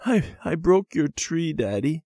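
A man's voice: fairly high pitch, big pitch swings, a little slow, dark tone, dry recording, clean studio sound, pitched above the performer's own voice, heavily acted. A man voicing a young girl who is timid and pleading in a children's storybook reading. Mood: contrite. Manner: pleading, tearful.

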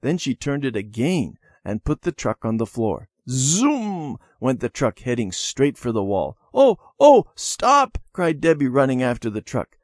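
A man narrating a children's storybook in a gentle, expressive manner. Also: medium pitch, moderate pace, few pauses, dry recording.

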